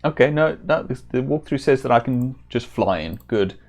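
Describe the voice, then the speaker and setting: Man, game streamer, casual commentary, self-deprecating asides, mid-pitched voice. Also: expressive, normal speed, darkish tone.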